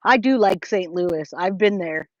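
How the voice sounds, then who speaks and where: A woman's voice: fairly low pitch, unhurried, no echo. A woman hosting a casual livestream, chatting with viewers and greeting them by name, with lots of restarts. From California. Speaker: livestream host reading chat. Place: trailer. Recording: dry, slightly dull lo-fi sound.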